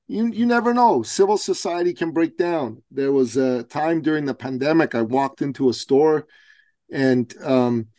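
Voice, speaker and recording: A man's voice: medium pitch, darkish tone, no echo. A man hosting a podcast who talks candidly and casually and swears in passing. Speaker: podcast host. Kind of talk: casual conversation.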